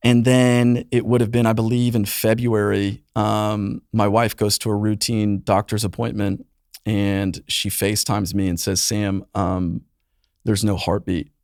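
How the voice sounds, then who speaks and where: Low-voiced earnest man, dry studio. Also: flat delivery, unhurried, smooth, no room sound. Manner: earnest, emotional storytelling, voice drops low and soft in painful moments. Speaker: youth pastor, podcast guest. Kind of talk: personal testimony in conversation.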